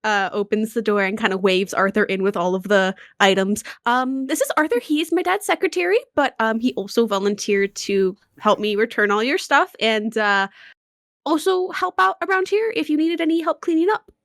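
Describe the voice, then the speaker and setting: A woman's voice: on the high side, lively intonation, moderate pace, fairly bright tone, no echo, studio quality. A woman voicing a cheerful, playful young woman, chatty and upbeat in her own voice.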